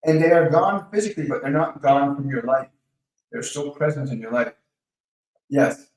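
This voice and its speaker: A man hosting a live question-and-answer stream, calmly coaching viewers by name and guiding them through slow breathing. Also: medium pitch, recorded from a distance. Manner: calm, coaching, speaks directly to viewers by name. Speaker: host of a live Q&A. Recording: very echoey room, voice off-mic.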